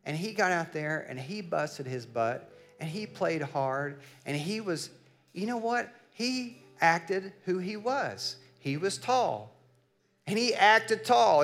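A middle-aged pastor with a slightly high voice preaches a sermon, telling a family story that builds to loud, emphatic declarations.

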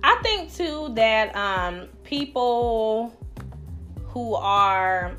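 A young woman with a fairly high voice, chatting on a podcast in a loud, blunt, animated way. She swears freely and acts out snippets of other people's talk. Faint music runs underneath. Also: drawn-out words. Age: young adult. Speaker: podcast panelist. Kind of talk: casual chat.

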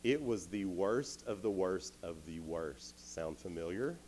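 Animated youth speaker. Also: male voice, low-pitched, measured pace, a little hiss or hum. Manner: animated, casual, many "like"s. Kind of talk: storytelling sermon to teens.

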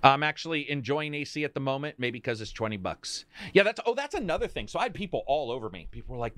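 A man's voice: medium pitch, fast, few pauses, no echo. Chatty man hosting a game talk stream. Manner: rambling, animated, talks to chat. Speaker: host. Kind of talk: casual chat about video games.

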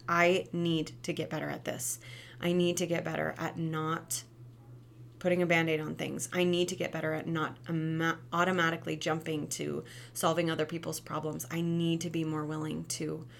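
A woman in her thirties, a former teacher and mom, giving parenting tips in casual talk, tagging "right?" onto her points and jumping up high when she acts out cheerful reactions. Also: vocal fry, slight background noise. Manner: chatty, lots of "right?" and "like". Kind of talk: casual advice talk to camera.

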